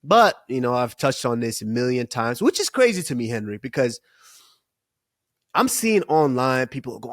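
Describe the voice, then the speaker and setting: Male podcast co-host, casual breakdown talk, relaxed and unhurried, dry close mic. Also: medium pitch, no echo. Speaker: podcast co-host, fight analyst.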